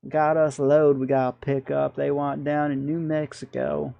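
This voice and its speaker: A man's voice: fairly high pitch, little pitch movement, normal speed, creaky, dry recording, highs cut off. A man voicing a folksy good old boy trucker with a heavy put-on Southern drawl. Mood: folksy, hearty.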